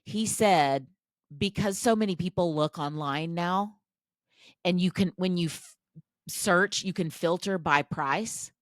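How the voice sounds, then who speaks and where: A woman's voice: on the low side, takes it slowly, dry recording, clean studio sound. A woman hosting a podcast, talking in a casual, chatty, self-deprecating monologue full of restarts and asides. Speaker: podcast host.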